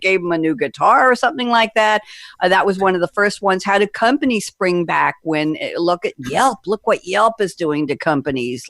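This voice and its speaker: Chatty, jokey talk-show host, mid-pitch, dry close mic. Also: fairly bright tone, dry recording. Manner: chatty, jokey, rambling asides. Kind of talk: conversational radio hosting.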